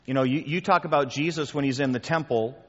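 Animated preacher in a reverberant hall. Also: male voice, mid-range voice, fast. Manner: animated, emphatic, acts out quoted voices. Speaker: pastor. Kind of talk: sermon with audience questions. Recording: dull sound with long hall reverb.

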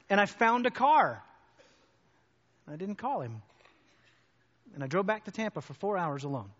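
Animated preacher, high voice, echoing hall. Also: male voice, brisk. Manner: animated storytelling, climbs high and loud when excited. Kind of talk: sermon with personal story. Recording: muffled hall with long reverb.

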